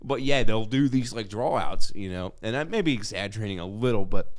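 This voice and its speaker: Man, lowish voice, loose rambling podcast talk, laughs a lot, swears freely. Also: animated, fairly quick. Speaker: podcast co-host. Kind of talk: casual podcast chat.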